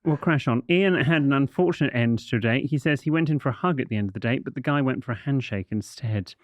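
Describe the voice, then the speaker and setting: A man's voice: medium pitch, fast, no room sound. A man co-hosting a podcast, reading listener messages with a wry, dry manner. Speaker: podcast co-host.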